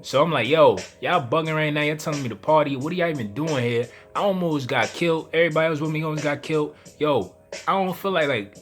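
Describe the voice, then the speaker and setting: A man, a spiritual vlogger telling a dream story to camera in a casual, animated way, acting out his own lines as quotes. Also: fairly high pitch, fast talker, faint music behind. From New York.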